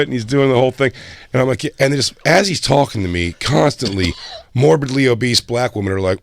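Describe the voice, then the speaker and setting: A man's voice: medium pitch, animated, fast talker, gravelly, no room sound. Man telling laughing comedy stories. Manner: laughing, mimics others in a raised voice. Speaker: comedian co-host. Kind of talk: casual storytelling chat.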